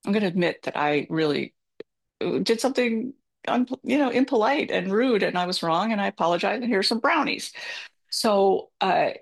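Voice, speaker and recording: A woman's voice: medium pitch, lively intonation, normal speed, vocal fry. A middle-aged woman telling a self-deprecating personal story as advice, candid and chatty with filler words. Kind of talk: personal advice talk with anecdote.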